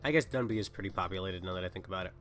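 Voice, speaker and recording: A young man, sick and coughing, rambles casually while livestreaming a game, often cutting himself off mid-thought. His deep voice races along with a fairly bright tone, and soft music plays in the background.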